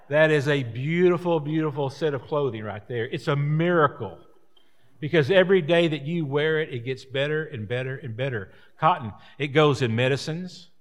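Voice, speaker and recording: A man preaching a sermon as pastor, folksy and rambling, with repeated words and chatty asides. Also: a little high.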